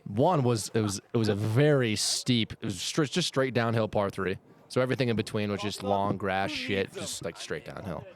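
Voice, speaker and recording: A man's voice: fairly low pitch, normal speed. A young man co-hosting a casual podcast, laid-back and swearing casually. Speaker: podcast co-host. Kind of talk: casual chat.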